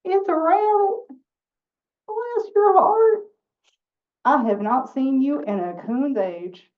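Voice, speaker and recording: A woman voicing an overjoyed, excitable dog with a folksy drawl, loud and drawn-out. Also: high-pitched, pitched above the performer's own voice. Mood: gushing. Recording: distant phone-like sound.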